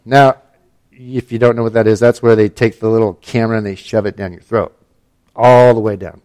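A man's voice: lowish voice, fairly even intonation, fairly quick, darkish tone. A middle-aged man from Alaska telling a personal story in a casual, wry and self-mocking way, with plenty of fillers and restarts.

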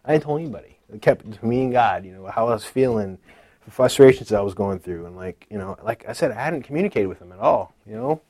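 A man's voice: lowish voice, lively intonation, quick pace, darkish tone, dry recording. A man giving a casual personal testimony at a conference. He tells his story in a chatty way, acting out what other people said and using many fillers like "like".

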